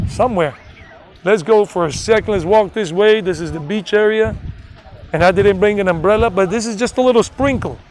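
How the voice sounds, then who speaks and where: A man in his forties from the United States, with an accent blending Southern and New York, chats and rambles on a live outdoor travel stream near a beach. This travel vlogger is self-promoting, and his voice sits high. The low-quality recording carries a slight hiss or hum.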